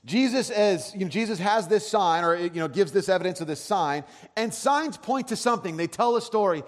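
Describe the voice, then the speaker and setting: A man's voice: high-pitched, lively intonation, brisk. Conversational man preaching in a reverberant hall. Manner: conversational, checks in with the audience. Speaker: pastor. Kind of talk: sermon.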